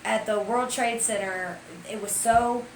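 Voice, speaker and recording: A woman's voice: fairly high pitch, fairly even intonation, a little slow, slight background noise. A young woman from Ohio chatting over a meal, jumping in to back up and add to family stories. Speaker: co-host, daughter. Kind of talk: casual mealtime chat. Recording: echoey room.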